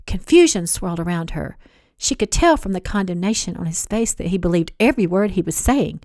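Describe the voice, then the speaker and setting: A woman, the author, reading her own romance novel aloud in an expressive, dramatic storytelling style. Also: lowish voice, fairly quick, no room sound, clean studio sound. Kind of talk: audiobook narration.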